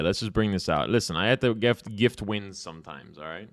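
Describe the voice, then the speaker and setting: A young man streaming chess who swears freely and trades jabs with his viewers, telling a rowdy story between moves. His voice sits somewhat low. It is recorded close and dry at a home desk mic with no room sound. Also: lively intonation, brisk, no room sound. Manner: profane, ranting banter with chat. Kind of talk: live-stream commentary and storytelling.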